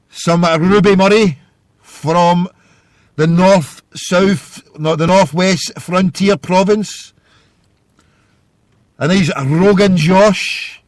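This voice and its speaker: A man's voice: high-pitched, dry recording, studio quality. A Scottish man hosting a live internet radio call-in show, ranting and hurling insults in a rambling way.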